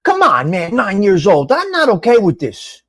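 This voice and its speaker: A middle-aged man hosting a casual live-stream chat, rambling and animated, reading out viewers' names and swearing now and then. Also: high-pitched, normal speed, husky, dry recording, studio quality. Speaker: live show host.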